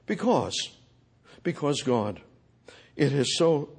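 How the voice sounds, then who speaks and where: A man preaching a sermon, swinging from loud, booming declarations to hushed asides and addressing God directly. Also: very animated, takes it slowly, husky.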